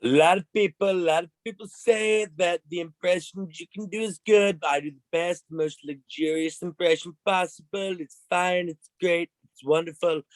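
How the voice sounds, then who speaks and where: Man doing a boastful older politician impression, all superlatives, slightly high, dry sound. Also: fairly even intonation, normal speed, hardly any pauses, no echo, close to an everyday voice. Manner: superlative-heavy, repetitive boasting. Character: boastful bragging older male politician, self-praising.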